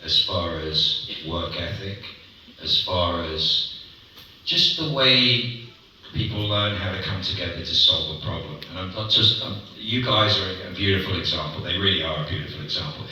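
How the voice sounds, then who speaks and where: A man's voice: deep voice, moderate pace. A man on a convention panel, telling stories with lots of laughter. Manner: animated, laughing storyteller. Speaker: panel guest. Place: large convention hall. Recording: echoey hall, distant, noisy.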